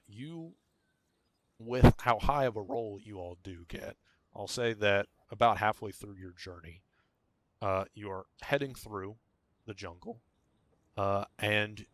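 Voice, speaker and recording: A man narrating a tabletop game as game master, halting and full of fillers, slowing down on key words. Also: fairly low pitch, fairly bright tone, a little hiss or hum.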